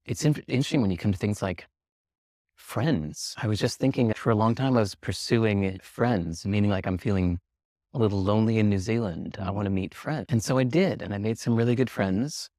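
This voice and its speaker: Guy on a podcast telling a story, acts out the dialogue, jumps way up in pitch sometimes, dry close mic. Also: a little fast, darkish tone, no room sound. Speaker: interview guest. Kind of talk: casual storytelling.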